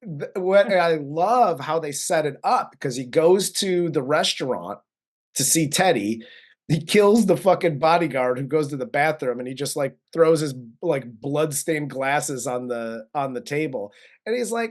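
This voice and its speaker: A man co-hosting a movie review, casually recapping the plot, relaxed and profane with frequent laughs. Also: on the high side, moderate pace. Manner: laid-back, profane, laughs often. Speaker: co-host of a movie review show.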